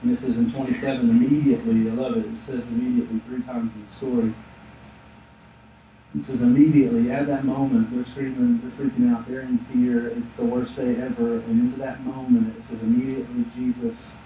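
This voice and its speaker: A male pastor preaching a sermon in a lively, joking storytelling manner. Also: medium pitch, a little fast, slight background noise. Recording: echoey room, distant mic.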